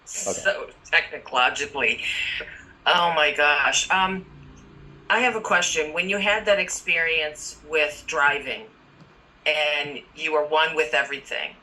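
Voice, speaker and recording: A woman's voice: low voice, sharp tone, low-quality recording. A woman joining a meditation group over a video call, asking the teacher a question in an earnest, slightly flustered way.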